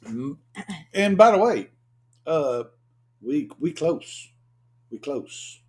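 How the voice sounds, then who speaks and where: A man's voice: fairly high pitch, very animated, extremely slow, darkish tone. A man co-hosting a casual live stream, joking and greeting viewers by name in a drawl.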